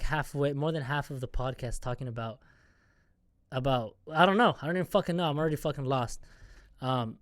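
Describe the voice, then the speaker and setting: A man's voice: mid-range voice, dry recording, clean studio sound. A man hosting a solo podcast, venting in a rambling, profane, self-mocking casual rant. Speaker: podcast host.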